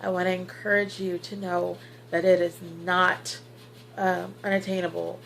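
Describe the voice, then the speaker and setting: A woman's voice: lowish voice, little pitch movement, moderate pace, creaky, fairly bright tone, a little hiss or hum, rough recording. A woman in her thirties talking earnestly in a personal vlog, encouraging viewers with lots of fillers. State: tearful at times. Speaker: vlogger. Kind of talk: personal weight-loss vlog.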